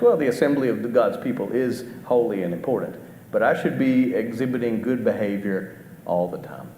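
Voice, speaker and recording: This middle-aged preacher sounds animated and brisk, his ordinary-pitched, darkish voice carrying a conversational sermon through a long, ringing church-hall reverb over a faint hiss. He frequently restarts phrases and keeps questioning the congregation.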